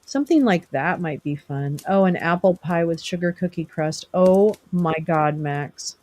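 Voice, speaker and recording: A woman's voice: fairly low pitch, measured pace, a little mellow, dry recording. Chatty teasing woman streamer. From California. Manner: rambling, teasing, answering chat by name. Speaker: live stream host. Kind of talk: casual chat with viewers.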